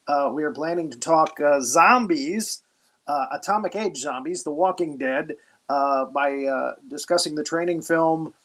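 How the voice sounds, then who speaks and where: A man playing a retired army general who briefs cadets, hosting in a halting, mock-official way with many pauses. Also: on the high side, lightly acted. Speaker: host. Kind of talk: improvised comedy character.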